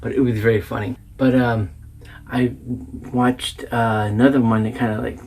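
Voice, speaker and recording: A man's voice: mid-range voice, level tone, normal speed, vocal fry, a little mellow, slight background noise. A man talking casually at home, rambling about films he has watched, chatty and self-deprecating. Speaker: vlogger. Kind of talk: casual chat about movies.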